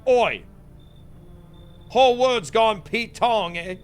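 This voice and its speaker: A man voicing a swaggering, rough British drifter with a put-on British accent and slangy tough-guy talk. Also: sits high, expressive, slow, pitched above the performer's own voice. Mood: cocky.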